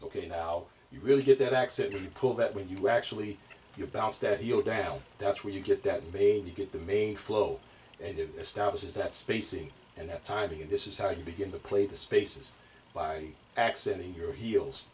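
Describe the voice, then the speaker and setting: A man's voice: deep voice, normal speed, a little mellow, a little hiss or hum. Man teaching drums from a distance. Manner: loose, rambling, many fillers and restarts. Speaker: drum teacher. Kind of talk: casual instructional talk. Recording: distant mic, drums playing.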